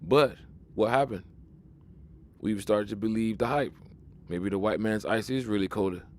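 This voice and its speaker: A man's voice: lowish voice, normal speed, a little hiss or hum. A man giving a casual spoken commentary monologue, emphatic and preachy, often restarting and repeating words as he pushes his point. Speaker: video commentator.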